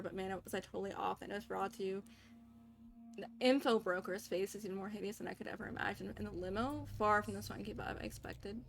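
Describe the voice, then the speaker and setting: A woman's voice: medium pitch, gravelly, a bit bright. Bubbly congested woman streaming. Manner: bubbly, giggly, chatty with viewers. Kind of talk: casual game stream, reading a visual novel aloud. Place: home kitchen. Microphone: desk microphone, not wearing headphones.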